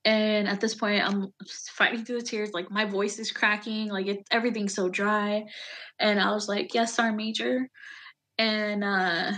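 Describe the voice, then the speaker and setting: A woman in her thirties, an Army veteran, telling a personal story in an interview in a halting, emotional way, full of fillers and restarts. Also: medium pitch, flat delivery, a bit bright.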